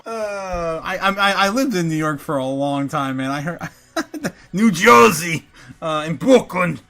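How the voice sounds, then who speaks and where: A man's voice: fairly high pitch, expressive, a little slow, pushed and bright, faint music behind. A man hosting a livestream, laughing often and chatting loosely with many fillers as he reads the chat. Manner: giggly, filler-heavy, reads chat aloud. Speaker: livestream host.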